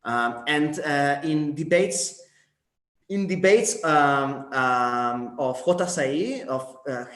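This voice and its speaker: A man's voice: a little high, takes it slowly, fairly bright tone, echoey room. A man with an Argentine Spanish accent leading an English workshop on debate phrases, hesitant with many fillers and often checking with the group. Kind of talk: teaching debate phrases in an online class.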